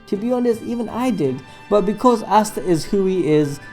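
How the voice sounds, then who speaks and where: A man's voice: sits high, lively intonation, normal speed, darkish tone. A man narrating an anime commentary voice-over in a casual, sarcastic way, with slang and the odd swear word. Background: faint background music.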